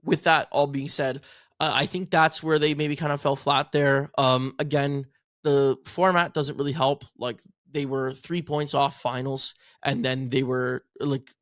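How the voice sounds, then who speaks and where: A man's voice: mid-range voice, flat delivery, measured pace, a bit bright, dry recording, studio quality. A man co-hosting a podcast, chatting casually about esports and rambling through stories. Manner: rambling storytelling. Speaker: podcast co-host and content creator.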